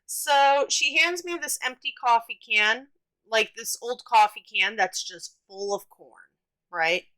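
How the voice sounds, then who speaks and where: A woman's voice: a little high, slow, bright, forceful tone, rough recording. A young woman casually telling stories from her childhood, chatty and rambling with lots of fillers and restarts. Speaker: storytime vlogger. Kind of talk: casual storytelling.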